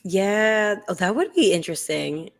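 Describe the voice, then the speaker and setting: A woman's voice: medium pitch, animated, unhurried, creaky. A woman co-hosting a casual live after-show chat, talking loosely with lots of fillers and restarts. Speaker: co-host.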